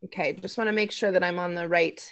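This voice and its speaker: A woman co-hosting a podcast in casual chat, easygoing and quick to laugh, thinking aloud as she talks. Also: fairly low pitch, fairly even intonation, fairly bright tone. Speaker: podcast co-host.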